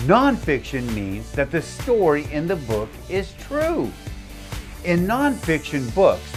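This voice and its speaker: An encouraging teacher reading a picture book aloud to young children, stopping to ask them to repeat new words. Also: mid-range voice. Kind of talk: interactive read-aloud lesson for young children.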